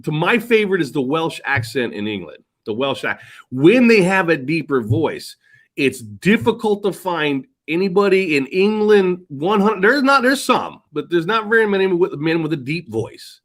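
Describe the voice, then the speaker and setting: A man's voice: a little high, sing-song, normal speed, a bit bright. A middle-aged man chatting casually as a podcast co-host, rambling and swearing, often laughing. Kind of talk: casual chat.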